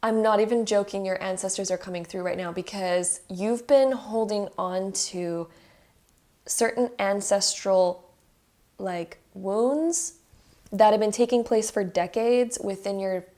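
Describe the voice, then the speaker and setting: A woman's voice: medium pitch, a little slow, mellow. A woman giving an intuitive tarot card reading straight to her viewers, earnest and emotional, talking in a chatty way full of "like" fillers.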